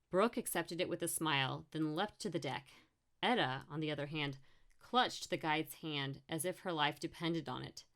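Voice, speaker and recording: A woman with a low, steady voice reads a short story aloud as an audiobook. She tints the dialogue with small changes for each character. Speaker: audiobook narrator. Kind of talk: audiobook narration.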